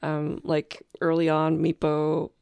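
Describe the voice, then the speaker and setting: A Canadian woman, a game master, chatting casually with many ums and pauses. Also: deep voice, monotone, gravelly, darkish tone, clear, resonant tone, no echo. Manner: hesitant, many ums, laughs often. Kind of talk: casual podcast chat.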